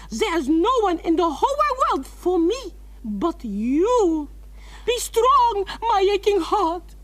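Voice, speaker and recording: A woman's voice: very high voice, sing-song, takes it slowly, no room sound, heavily acted. A woman playing Josephine, a dramatic, lovesick romantic figure in a comedy sketch. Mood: swooning.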